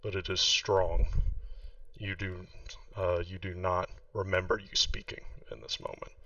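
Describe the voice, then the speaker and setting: Deep-voiced man narrating as game master. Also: a bit bright, no room sound, recorded from a distance, muffled recording. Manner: descriptive, slow and deliberate, with self-corrections.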